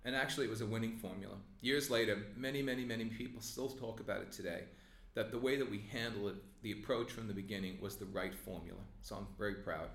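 An older man recalls his working years in an earnest storyteller's way, pausing now and then to apologize. His voice sits on the low side. The recording carries a roomy echo. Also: steady tone, gravelly, fairly bright tone. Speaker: former treatment plant representative. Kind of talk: reminiscing oral history.

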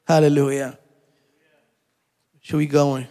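A man's voice: a little high, unhurried, long pauses, long reverb tail. A man preaching a sermon, repeating his points with emphasis and asking his listeners questions. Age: adult.

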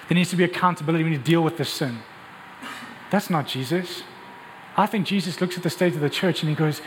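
A man's voice: on the high side, a little hiss or hum. Impassioned male preacher in a hall. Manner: impassioned, rhetorical questions, quick restarts. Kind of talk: sermon. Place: large church hall. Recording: long hall reverb, faint ambience.

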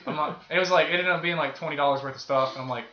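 A man's voice: on the high side, racing. A young man co-hosting a podcast, telling a long rambling story from his old grocery job, casual and profane. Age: young adult. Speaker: podcast co-host. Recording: roomy, dull lo-fi podcast audio.

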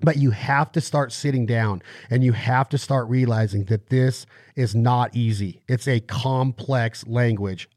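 A male podcast host who explains things at length, talking in quick, animated bursts. His voice sits at an ordinary pitch. It is recorded close, with a dry sound. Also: no room sound. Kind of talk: casual podcast interview.

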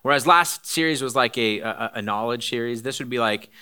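Bright-voiced man preaching casually. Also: medium pitch, a little fast, smooth. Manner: rambling, many fillers and restarts, jokey asides. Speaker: pastor. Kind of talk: casual conversational sermon.

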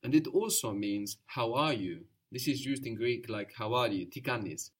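Male tutor, patient and encouraging, mid-pitched voice, explains step by step. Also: moderate pace, husky. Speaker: language teacher. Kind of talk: spoken language lesson.

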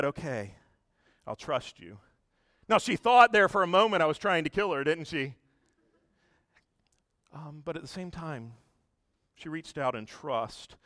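A pastor delivers his sermon as a lively, chatty story, often turning to address the congregation directly. His high voice is bright and forceful, and the recording is dry, with no room sound.

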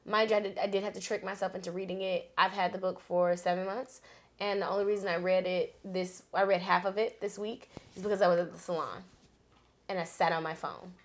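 A woman's voice: on the low side, flat delivery. A tipsy young woman co-hosting a casual podcast, telling stories and laughing often. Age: young adult. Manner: storytelling, laughs often, quick bursts. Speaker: podcast co-host. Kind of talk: casual chat.

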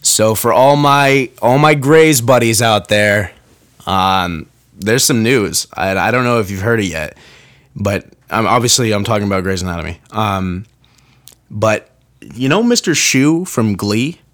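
A young man hosts his own podcast in a casual solo rant, his voice lowish and unhurried. He rambles in an animated way, often interrupting himself with restarts and asides.

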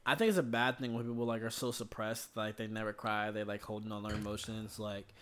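A man's voice: lowish voice, steady tone, fairly quick, fairly bright tone. A young man reflecting earnestly in a casual podcast chat. His speech is full of fillers. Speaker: podcast co-host.

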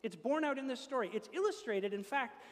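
A man's voice: very high voice, lively intonation, a little fast. A man preaching a sermon as pastor, earnest and building to emphatic peaks. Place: church. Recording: long reverb of a church hall.

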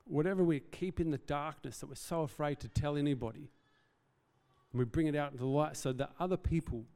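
A man's voice: fairly high pitch, brisk, darkish tone, clear, resonant tone. A man preaching a sermon as pastor, earnest and conversational, with self-deprecating asides. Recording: reverberant hall.

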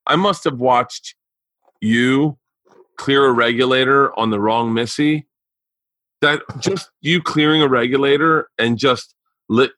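A man's voice: mid-range voice, unhurried, fairly bright tone, dry recording. A man hosting a podcast, chatting with a guest, enthusiastic and swearing, repeating himself as he talks. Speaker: podcast host. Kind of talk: casual interview chat.

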